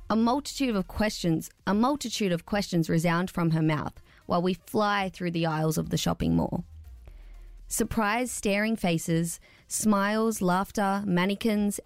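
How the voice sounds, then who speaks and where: A woman, a radio producer, reading her own story aloud with a careful, expressive delivery. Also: lowish voice, dry recording.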